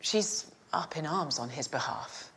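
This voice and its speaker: An actress playing a quiet, guarded young woman with a troubled family past, speaking softly and hesitantly, often half-whispering. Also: low voice, animated, measured pace, breathy edge, full character voice.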